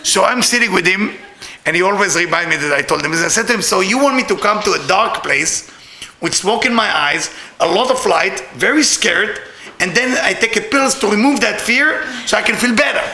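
A middle-aged man telling a personal story in broken English, animated and laughing often. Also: sits high, normal speed, echoey room.

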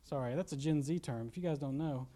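A man's voice: on the high side, fast talker, dark tone. A young man with a Kentucky accent preaching a casual sermon, joking and laughing as he retells a story. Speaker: pastor.

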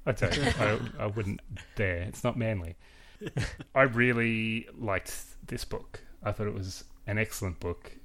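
Low, measured man talking books. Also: a bit bright. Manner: thoughtful, measured, with hedging pauses. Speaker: book club podcast co-host. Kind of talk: casual chat.

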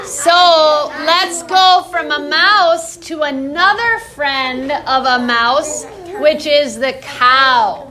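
A woman teaches a live kids' yoga class in a very high, sing-song voice. She talks slowly and brightly, playful and encouraging the whole way.

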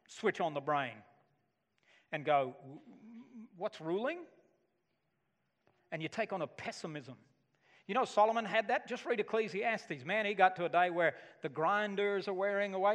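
A middle-aged male pastor preaching a sermon, animated and given to loud emphatic bursts. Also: a little high, long reverb tail.

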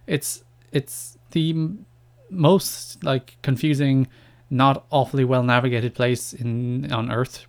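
A young Irish man hosting a solo podcast in a rambling, chatty way, with wry asides about himself. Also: medium pitch. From Ireland. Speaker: podcast host. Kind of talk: casual solo podcast monologue.

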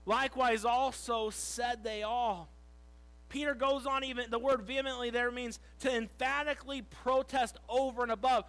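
High-voiced man preaching a sermon. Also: flat delivery, low-quality recording. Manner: dramatic, swings between loud emphasis and quiet, slow reading of scripture. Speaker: pastor.

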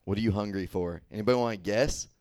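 A young man from the American South preaching in a loose, conversational way and checking in with the room with "right?" and "okay?". His voice sits low, and the sound is dry and close. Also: fast talker, darkish tone, dry recording. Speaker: youth preacher. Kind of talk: casual sermon to a crowd.

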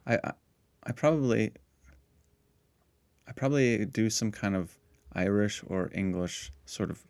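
A middle-aged man co-hosting a parish podcast in relaxed casual chat, laughing easily and restarting his sentences. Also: fairly low pitch, a little slow, dry recording, studio quality.

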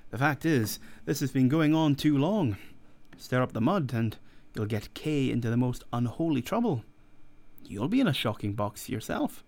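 A man's voice: on the high side, darkish tone. A cool young doctor with a sneer in his voice, as a man reads him aloud. He talks like a man of the world, dismissive and unbothered. It belongs to a storybook narration. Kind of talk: audiobook character reading.

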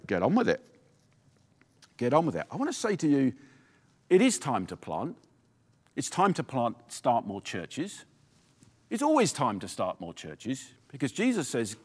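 A man preaching a sermon as pastor, with emphatic, repetitive exhortations. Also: mid-range voice. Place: church. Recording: long reverb of a church hall.

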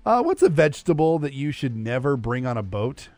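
Man in his forties with lively pitch. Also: fairly quick, dry recording, soft background music. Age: 40s. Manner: chuckles at his own dad jokes. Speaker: radio show co-host. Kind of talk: casual joking banter.

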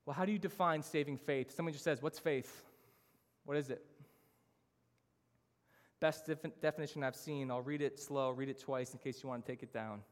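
A man's voice: medium pitch, fairly even intonation, fast talker, hardly any pauses. A man preaching a sermon as pastor, earnest and emphatic, moving through his points in lists. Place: church hall. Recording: church sermon with long hall reverb.

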